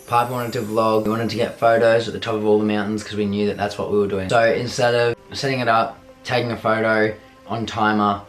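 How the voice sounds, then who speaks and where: A young man chatting in a casual couple's Q&A vlog, giving relaxed, rambling explanations. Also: lowish voice, fairly quick, faint music behind. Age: young adult. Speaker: vlogger. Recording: roomy echo.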